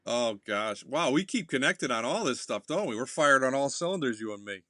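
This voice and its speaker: A man's voice: mid-range voice, animated, a little fast, bright, forceful tone, no room sound, studio quality. A man hosting a podcast interview, chatting casually with short, enthusiastic reactions. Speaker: podcast host.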